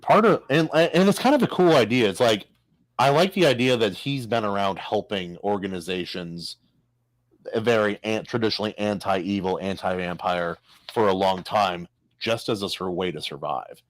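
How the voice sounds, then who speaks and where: Low-voiced man, excitable comic chat. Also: normal speed, no echo. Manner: excitable, jumps in with rising pitch, stumbles and restarts. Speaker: podcast co-host. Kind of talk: casual comic discussion.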